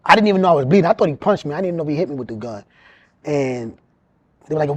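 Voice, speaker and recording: A man around forty, telling his own life story in an animated, streetwise way, often repeating words as he goes. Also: a little high, fast, muffled recording. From New York. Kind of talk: casual storytelling.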